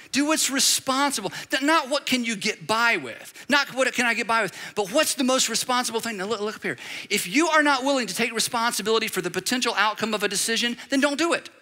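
A pastor preaching an animated sermon, driving points home through repetition and acted-out quotes. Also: male voice, extremely high pitch. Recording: long reverb of a large hall.

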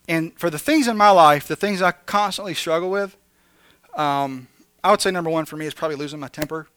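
A man's voice: on the high side, normal speed, pauses often, a bit bright, clean tone, no echo. A man preaching a conversational sermon with jokey asides, talking candidly and animatedly to his congregation. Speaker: pastor.

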